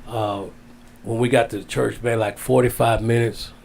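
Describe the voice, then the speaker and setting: Gravelly man telling an emotional story. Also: level tone, slight background noise. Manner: emotional, drawn-out storytelling, drops low and soft on sad parts. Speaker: wrestling guest. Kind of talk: storytelling in casual interview.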